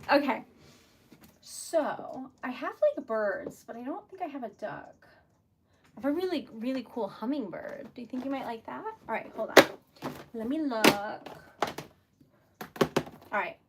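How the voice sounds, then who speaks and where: High-voiced chatty woman. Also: creaky, breathy edge. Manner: chatty and self-encouraging, drops to a whisper when concentrating. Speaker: livestream host making wax seal stickers. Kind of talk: casual livestream chat.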